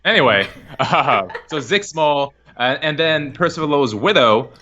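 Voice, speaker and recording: A man hosting a casual podcast chat, rambling and excitable, often laughing. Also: a little high, normal speed. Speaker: podcast host. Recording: dull lo-fi stream recording.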